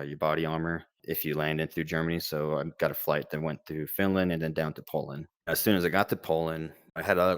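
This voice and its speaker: A man's voice: a bass voice, no echo. A man in his late twenties from the United States, a former combat medic telling his story in a candid, rambling, self-deprecating way. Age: late 20s. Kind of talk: casual storytelling.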